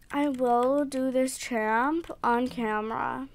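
A young woman with a high voice chats her way through a game in an excitable, rambling way. She speaks slowly and unhurriedly, filling gaps with ums and likes. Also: creaky, slight background noise. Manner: chatty, excitable, rambling with fillers. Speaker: gaming vlogger. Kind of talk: casual game commentary.

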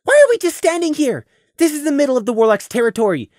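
A man voicing Prey, a stubborn, defensive young trap-maker who shouts accusations in an audio drama. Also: very high voice, expressive, fast talker, no room sound, clean studio sound, pitched above the performer's own voice.

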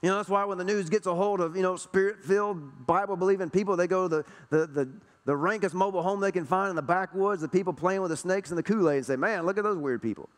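A man's voice: high-pitched, quick pace, long reverb tail. A man preaching a sermon to a church congregation, emphatic, hammering home repeated rhetorical questions. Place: church sanctuary.

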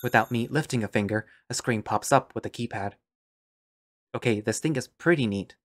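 A man's voice: mid-range voice, normal speed. A man narrating an audio drama in first person, musing and understated.

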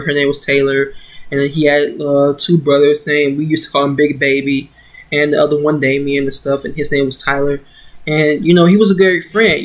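Rambling young woman telling a story. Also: deep voice. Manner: rambling, full of "you know" fillers, grows heated and emotional. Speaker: vlogger. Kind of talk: casual story-time monologue. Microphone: computer microphone.

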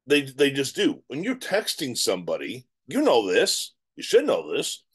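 A middle-aged man giving real estate advice straight to camera, animated and emphatic, often repeating his words. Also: mid-range voice, moderate pace, breathy edge. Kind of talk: direct-to-camera advice talk.

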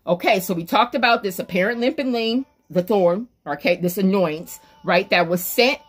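A woman's voice: mid-range voice, normal speed. A woman preaching an online sermon, emphatic and repetitive, calling on listeners by name.

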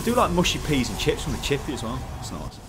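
A man's voice: sing-song, quick pace, background noise. Jokey man commentating a game. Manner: jokey, bursts into laughter and high-pitched yelps. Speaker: esports commentator.

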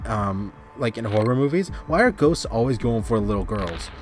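A man hosting a gaming channel, giving rambling casual commentary with sudden excited outbursts at the game. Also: lowish voice, a little fast, few pauses.

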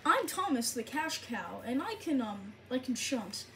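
A woman's voice: sits high, big pitch swings, measured pace, fairly bright tone, distant mic, heavily acted. A woman voicing a cheeky, smug male tank engine who talks sarcastically and bluntly, in a noisy recording.

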